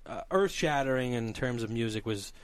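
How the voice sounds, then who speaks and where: A man hosting a podcast in a studio, telling stories in a casual, animated, joking way with crude language. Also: mid-range voice, normal speed, smooth, dry recording. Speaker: podcast host.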